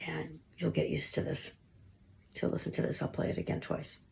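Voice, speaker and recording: Low, gravelly-voiced woman narrating ghost hunts. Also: little pitch movement, moderate pace. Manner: conversational, often drops to a hushed near-whisper. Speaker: paranormal investigator. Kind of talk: casual narration of ghost-hunt recordings.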